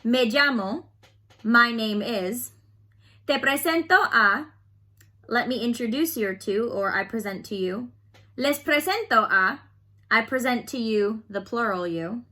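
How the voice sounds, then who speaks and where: Woman, Spanish teacher, fairly high voice, bright and clear, patient drills. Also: lively intonation. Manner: patient, slow explaining, repeat-after-me drills. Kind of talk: online class lesson.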